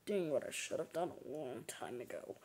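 A woman voicing a gloating villain bully who taunts in low, whispery tones, with faint background noise. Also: animated, moderate pace.

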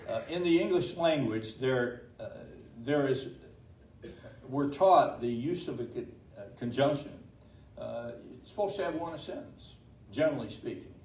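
An older man preaching a sermon as pastor. He halts with many fillers and slows down to stress key words. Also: medium pitch, a little mellow, echoey room, distant mic, slight background noise, low-quality recording. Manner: halting with many fillers, slows and rises for emphasis.

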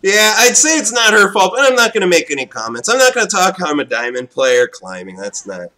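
A young man giving live gameplay commentary, excitable, swinging between loud outbursts and low mutters. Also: fairly quick. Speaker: gaming commentator.

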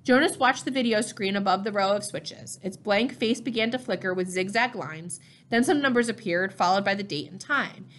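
A woman's voice: mid-range voice, moderate pace, hardly any pauses, fairly bright tone. Woman reading a novel aloud. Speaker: audiobook reader. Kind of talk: novel narration.

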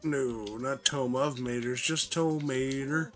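A man's voice: mid-range voice, fairly even intonation, slow, a bit bright, soft background music. A man hosting a co-op cooking game, energetically calling out orders and teasing his teammates. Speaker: host. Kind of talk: playing a cooking game with friends.

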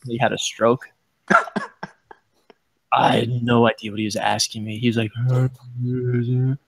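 A man with a gravelly, husky voice drops quick, offhand remarks into a casual chat. His voice sounds close and dry, with no room around it. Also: medium pitch, level tone, dry recording, poor audio.

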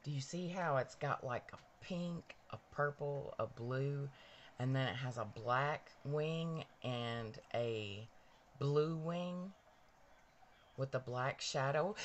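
A woman's voice: extremely low pitch, slow pace, slight background noise. A middle-aged woman chatting straight to her live-stream viewers at home while doing her makeup, gushing and chatty. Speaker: livestream host. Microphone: cabled mic near a ring light.

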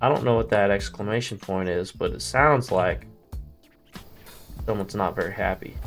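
A man's voice: lowish voice, normal speed, long pauses, faint music behind. A man doing casual gameplay commentary, joking around with slang and profanity and chatting with the characters on screen. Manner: slangy, profane, jokey banter with game characters.

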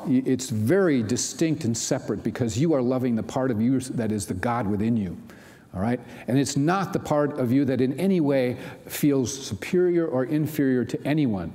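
A man's voice: medium pitch, dark tone. Conversational male pastor in a reverberant hall. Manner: conversational, many "you know" asides. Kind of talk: sermon.

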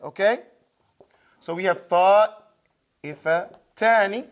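A man with a fairly high voice leads a classroom lesson on Quran recitation. He drills each sound slowly and repeats it several times. He often stops to check that his listeners are following. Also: fairly bright tone.

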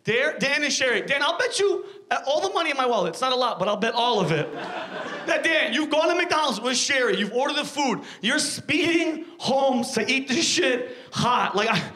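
A man's voice: very high-pitched, expressive, normal speed, bright, forceful tone. A man doing a stand-up comedy set, cursing, ranting and riffing with the crowd on a club stage. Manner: profane, ranting, acts out voices, riffs with the crowd. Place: comedy club stage before a live audience.

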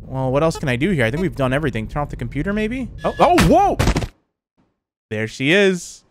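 A man hosting a let's play video, reacting with lots of excited exclamations. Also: a little high, a little fast, music in the background. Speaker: gaming video host.

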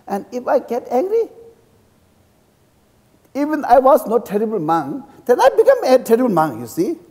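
A man who is a Buddhist monk, speaking English with a Tibetan accent as a second language. He teaches a class in halting English and keeps checking in with his students by asking "okay?". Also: very high voice, gravelly, a little mellow. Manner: acts out insults and praise with a laugh. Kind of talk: dharma class lecture. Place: teaching room in a cultural center. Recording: reverberant hall.

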